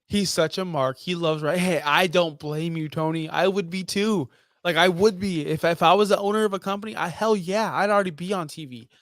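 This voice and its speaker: A man's voice: high-pitched, a little fast, no echo, studio quality. A young man co-hosting a casual wrestling podcast, blunt, profane and full of strong opinions. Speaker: podcast co-host.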